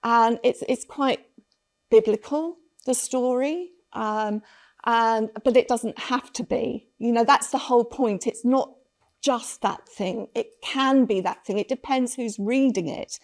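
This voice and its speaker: A woman's voice: fairly high pitch, a little slow, darkish tone. A woman speaking on a conference panel, telling stories earnestly and reflectively. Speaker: conference speaker on children's literature. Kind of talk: panel talk.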